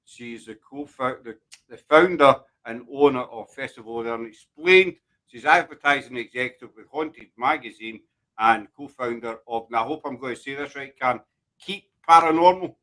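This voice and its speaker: Glaswegian male host, rambling and jokey, bright forward tone, casual chat. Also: mid-range voice, normal speed, poor audio. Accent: Glaswegian Scottish. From Glasgow, Scotland. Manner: jokey, rambling, self-deprecating.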